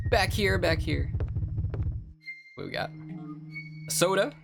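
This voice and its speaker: A man's voice: lowish voice, creaky. A man streaming a horror video game, joking and chatting to his viewers as he plays. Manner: animated, joking, talks to chat. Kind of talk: let's-play commentary. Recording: game music under voice. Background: game music.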